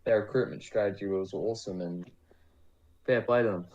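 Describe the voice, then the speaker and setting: A man's voice: fairly low pitch, fairly even intonation, fairly quick, darkish tone, highs cut off. A man co-hosting a casual podcast, easygoing and rambling, often correcting himself. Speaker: podcast co-host giving predictions.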